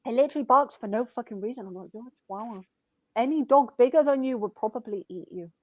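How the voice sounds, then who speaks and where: A woman's voice: a little high, fast, no echo, muffled recording. A woman telling blunt, sweary stories about her shop customers in casual chat.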